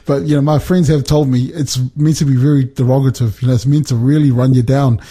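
A man's voice: mid-range voice, fairly even intonation, fairly quick, warm tone, husky. A man teaching from the Bible in a casual conversation, explaining step by step and often checking in with his listener. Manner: explanatory, checks in with "right?" and "you know".

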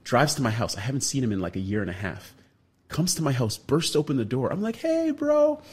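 Husky man telling an animated story. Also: medium pitch, fast. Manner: animated storyteller, acts out other people's lines. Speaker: radio show guest. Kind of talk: storytelling in a radio interview.

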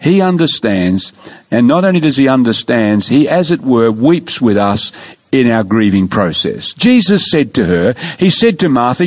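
A man preaching a sermon, asking his listeners questions and swinging between rising emphasis and soft, low endings. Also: very animated, moderate pace. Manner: rising and falling preacher cadence, asks the congregation questions.

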